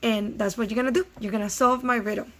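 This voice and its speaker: A middle-aged woman teacher with a steady, fairly high voice records a science lesson for first graders. She explains things slowly and asks the children questions.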